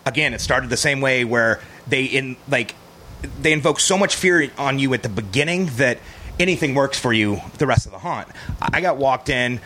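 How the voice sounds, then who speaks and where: A man's voice: mid-range voice, normal speed, pushed and bright, a little hiss or hum. A man guesting on a podcast, telling a story vividly and animatedly, swearing freely. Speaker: movie guest. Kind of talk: casual storytelling.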